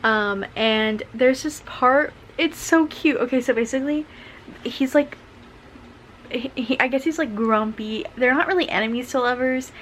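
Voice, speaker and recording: A young woman vlogs casually from bed at home, chatting to camera with plenty of "like" and "um." Her voice is high, a bit bright, and a little slow, with some hiss or hum in the audio.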